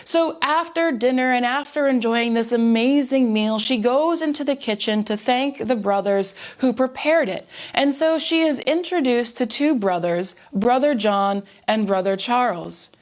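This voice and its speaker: High-voiced woman telling church jokes. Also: measured pace, few pauses. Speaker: joke teller at a church service. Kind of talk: storytelling jokes.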